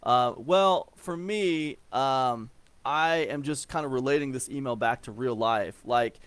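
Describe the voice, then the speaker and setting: An unhurried man in his forties from Ohio talks informally about email marketing, his medium-pitched voice a bit bright, clear, and resonant. He rambles, filling gaps with fillers, repeated words, and restarts, with no echo present.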